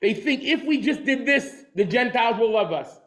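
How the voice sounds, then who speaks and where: A man's voice: very high voice, expressive, normal speed, fairly bright tone, poor audio. A man lecturing a class on history, telling stories and jokes along the way and often restarting his sentences. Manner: storytelling with jokes and acted quotes; repeats and restarts words. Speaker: teacher.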